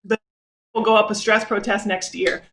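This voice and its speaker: A woman's voice: mid-range voice, little pitch movement, moderate pace, a bit bright. A woman co-hosting an online celebration over a video call, exuberant and laughing. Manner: exuberant, laughing, hype chant calls. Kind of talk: lively casual livestream hosting.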